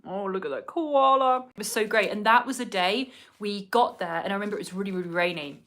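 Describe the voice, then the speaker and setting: A woman's voice: mid-range voice, a little fast, fairly bright tone. A woman chatting casually to viewers at home as she does her makeup, rambling from one thing to the next. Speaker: vlogger. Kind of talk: casual get-ready-with-me chat. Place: at home indoors.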